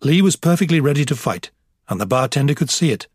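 Husky male audiobook narrator. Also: on the high side, no echo, clean studio sound. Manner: measured, even storytelling. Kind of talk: scripted narration.

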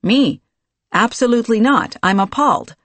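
A man's voice: a little high, moderate pace, a bit bright. A narrator voicing a wry male arbiter who speaks with dry irony in an audiobook. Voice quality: dry, ironic.

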